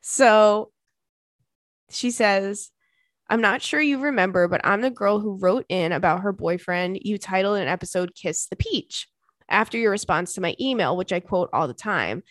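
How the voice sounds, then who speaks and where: A woman's voice: mid-range voice, normal speed, no room sound. A young woman chats as a podcast host, reading listener emails and riffing on them. She talks animatedly, swears and laughs often. Her mid-range voice sounds dry and close to the mic. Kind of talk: casual comedic chat.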